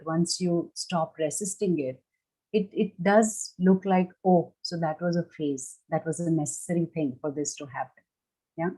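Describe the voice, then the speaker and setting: A woman giving a gentle, measured workshop talk, explaining ideas step by step. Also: lowish voice, low-quality recording. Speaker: workshop speaker on grief and loss.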